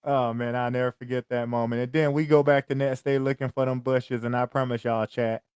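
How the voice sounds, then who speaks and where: A man's voice: medium pitch, level tone, brisk, darkish tone, clear, resonant tone, no room sound, clean studio sound. A man co-hosting a podcast in casual chat, eager and stumbling over his words as he jumps in on his friend. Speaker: podcast co-host.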